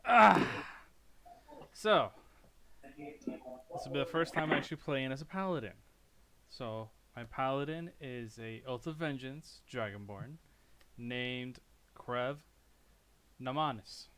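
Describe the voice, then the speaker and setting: A man's voice: mid-range voice, slow pace, long pauses, a bit bright, slight background noise. A man playing a tabletop game, easygoing in casual chat. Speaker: player.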